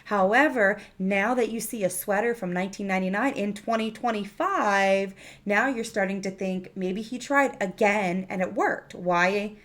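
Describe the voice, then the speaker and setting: A woman's voice: medium pitch, moderate pace, a bit bright. A woman reviewing a TV episode in a casual, chatty recap, full of fillers and restarts.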